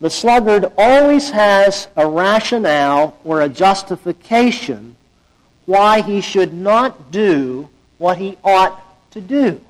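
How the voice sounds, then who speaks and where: A man preaching a sermon in a conversational, folksy way, acting out quoted voices with big swings in loudness. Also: slow, low-quality recording. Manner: animated, acts out quoted voices with big swings in pitch and volume. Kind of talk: expository sermon.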